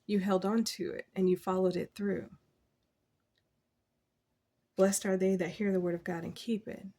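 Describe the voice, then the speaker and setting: A woman talks through a tarot reading in a relaxed, chatty way, cheering the listener on and dropping in lines of scripture. Her voice sits at a middle pitch with a gravelly, creaky texture. She laughs easily between thoughts. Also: moderate pace. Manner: encouraging, chatty, laughs often; quotes scripture. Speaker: tarot reader. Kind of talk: casual spoken tarot reading.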